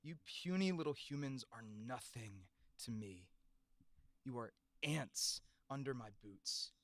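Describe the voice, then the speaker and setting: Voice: lively intonation, a little slow, no room sound. A cold, scornful god. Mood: cold contempt. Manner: low, cold, hushed contempt. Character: arrogant self-proclaimed god, scornful of humans. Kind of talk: voice acting audition clip.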